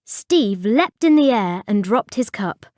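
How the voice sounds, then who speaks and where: A woman's voice: mid-range voice, lively intonation, takes it slowly, a little mellow, no echo, clean studio sound. A woman reading a storybook aloud expressively for English learners. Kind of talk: storybook narration.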